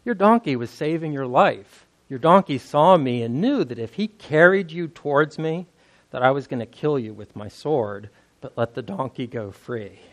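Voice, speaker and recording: A man's voice: medium pitch, lively intonation, moderate pace, natural voice. A man voicing a stern male angel who rebukes a traveler, during a sermon retelling.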